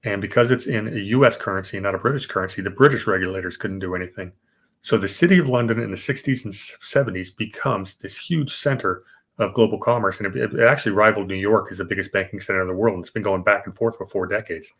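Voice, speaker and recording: A man's voice: fairly low pitch, fast talker, fairly bright tone, breathy edge. A man hosting a podcast, explaining financial history in a casual, rambling way with fillers and restarts. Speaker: podcast host. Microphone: remote podcast setup.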